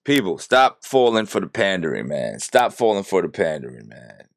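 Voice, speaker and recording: A man with a deep, low voice delivers a blunt, exasperated rant, swearing as he reacts. The sound is dry and close, with no room around it. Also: very animated, normal speed, no echo. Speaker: political commentator reacting to a clip.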